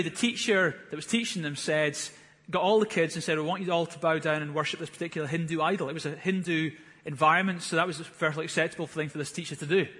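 Fervent pastor preaching in a reverberant hall. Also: male voice, a little high, fairly bright tone, husky. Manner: earnest, building to fervent emphasis. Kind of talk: sermon.

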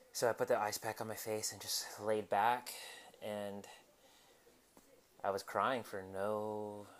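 A young man with a somewhat low voice talks through a personal story in a loose, candid way. He stops and restarts often and fills gaps with ums. He is recording himself at home in his apartment. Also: fairly bright tone. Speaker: podcast host. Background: household noise.

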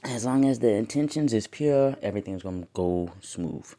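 A woman hosting her own podcast, telling a personal story in a loose, animated way, swearing freely and laughing often, her pitch and volume swinging widely. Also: moderate pace. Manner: wide swings in pitch and loudness. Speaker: podcast host. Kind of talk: casual spiritual podcast monologue.

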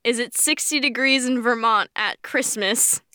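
A woman hosting a podcast in casual chat, joking and quick to laugh. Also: a little high, sharp tone, smooth, dry recording, clean studio sound. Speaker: podcast host.

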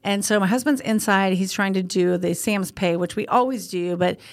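An older woman co-hosting a casual podcast, telling stories in a rambling, animated way with many restarts. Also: mid-range voice, normal speed. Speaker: podcast co-host.

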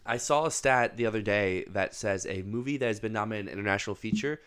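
A man co-hosting a film awards podcast in casual chat, talking quickly and analytically through the options. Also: on the low side, a bit bright, smooth. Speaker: podcast co-host.

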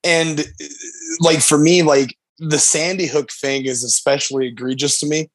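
A man's voice: on the high side, fairly even intonation, moderate pace, poor audio. A man co-hosting a podcast, talking in plain, earnest casual chat. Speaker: podcast co-host.

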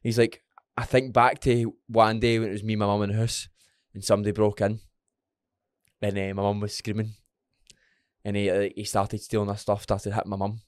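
A young Scottish man co-hosting a podcast in casual chat, sweary and animated, working himself up as he talks. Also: lowish voice, fairly quick, smooth, no room sound, studio quality. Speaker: podcast co-host.

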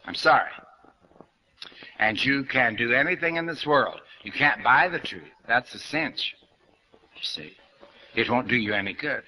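A man's voice: medium pitch, lively intonation, measured pace, pauses often, sharp tone, poor audio. An older man giving a spiritual lecture to an audience, blunt and questioning, speaking straight to his listeners. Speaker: New Thought lecturer.

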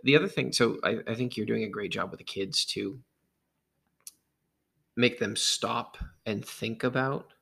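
A man co-hosting a casual podcast with his wife, easygoing with dry jokes and halting restarts. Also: medium pitch, creaky, a bit bright, slightly rough. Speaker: podcast co-host, father. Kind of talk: casual chat.

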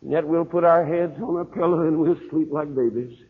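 A man preaching a revival sermon as a pastor, telling stories and swinging from hollered peaks down to hushed, low lines. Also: brisk, breathy edge, long reverb tail. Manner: storytelling preacher, swelling to hollered climaxes then dropping low. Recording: tinny phone-like sermon recording.

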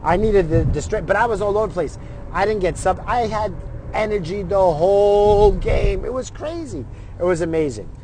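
A man's voice: high-pitched, normal speed, darkish tone, slight background noise. A middle-aged man telling a story in a casual, profane way, acting out what other people said in his own voice.

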